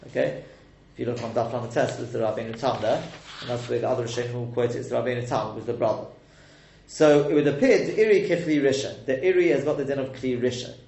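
A man's voice: mid-range voice, darkish tone. A man teaching a text lesson, explaining step by step and quizzing his listeners with rhetorical questions. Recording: echoey room.

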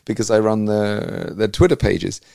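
Deep gravelly-voiced man hosting an interview. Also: normal speed, darkish tone, no echo, clean studio sound. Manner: enthusiastic, rambling storyteller with frequent restarts. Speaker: host. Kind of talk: conversational interview.

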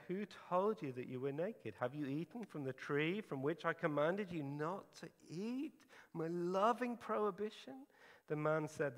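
Earnest male preacher in a hall. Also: fairly high pitch. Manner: earnest, emphatic, pausing for effect. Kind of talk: sermon. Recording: hall reverb.

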